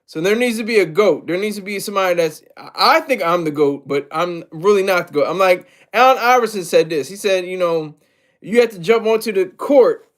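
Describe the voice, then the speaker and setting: A man's voice: high voice, a little fast, fairly bright tone. A man hosting a casual livestream, rambling with many fillers and repeats, and asking viewers for tips. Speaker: livestream host.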